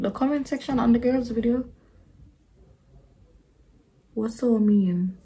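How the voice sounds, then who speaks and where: A woman's voice: a little high, vocal fry, warm tone, slightly rough. A young woman chatting bluntly while doing her makeup, slipping into patois now and then. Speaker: beauty vlogger.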